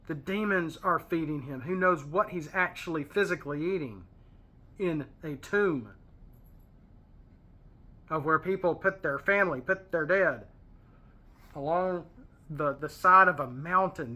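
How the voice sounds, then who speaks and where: Bright-voiced man leading a Bible study. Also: a little high, expressive, unhurried. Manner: chatty and digressive, with pop-culture asides. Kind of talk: casual Bible study commentary.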